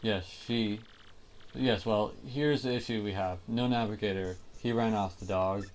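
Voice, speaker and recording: A man's voice: fairly low pitch, steady tone, measured pace, slight background noise, natural voice. A man voicing a pompous, vain male ship-owner in a video game, declaiming grandly and theatrically. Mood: commanding.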